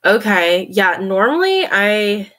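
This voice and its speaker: A woman's voice: medium pitch, very animated, slow, bright, forceful tone. A woman hosting a casual late-night livestream, chatting, reading comments and laughing often. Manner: chatty, laughs often, talks to her cat. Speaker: livestream host.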